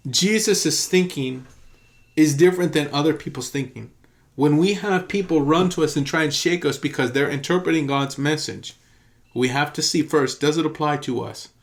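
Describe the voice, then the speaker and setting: A man's voice: a little high, normal speed. A man, a pastor, teaching in an earnest and emphatic sermon style, telling a story and repeating key phrases for emphasis.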